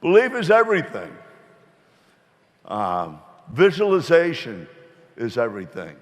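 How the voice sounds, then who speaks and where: A man's voice: medium pitch, huge pitch swings, a little slow, long reverb tail. A middle-aged man gives a rambling, folksy motivational talk to his business's distributors, earnest about belief. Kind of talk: motivational speech with folksy joke.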